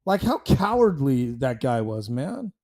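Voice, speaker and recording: A man's voice: medium pitch, big pitch swings, a little slow, darkish tone. A man hosting his own commentary show, talking bluntly and heatedly, rambling with restarts and fillers. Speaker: show host. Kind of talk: casual commentary stream.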